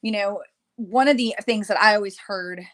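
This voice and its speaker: A woman's voice: medium pitch, moderate pace, fairly bright tone. Frank woman in her thirties. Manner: frank, laughs easily, reflective. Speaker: podcast co-host. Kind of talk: casual chat.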